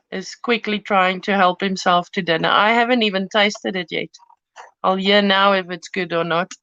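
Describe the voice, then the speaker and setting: A woman chats her way through a live craft stream, rambling easily and breaking into giggles as she works with paper. Her voice sits at an ordinary middle pitch. The recording is dull and lo-fi, with a close, dry sound and no room echo. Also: sharp tone. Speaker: craft channel host. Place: home craft studio.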